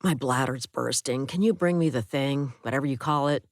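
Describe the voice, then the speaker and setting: A confused man who has lost his memory, as a woman narrating an audiobook puts him on. He speaks quietly and uncertainly in a low, dry voice, read close. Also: normal speed, no echo.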